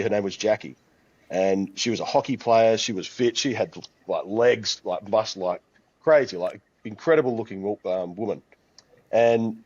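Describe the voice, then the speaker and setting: A man's voice: lowish voice, a little mellow, husky, no room sound, dull audio. A man who owns a gym, talking in a casual podcast chat and telling stories in a confident, matter-of-fact way. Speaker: gym owner, co-host. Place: his gym.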